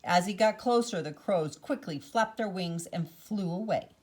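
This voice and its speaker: A woman reading a children's storybook aloud in an expressive, animated way. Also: fairly low pitch, unhurried. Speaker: children's book reader.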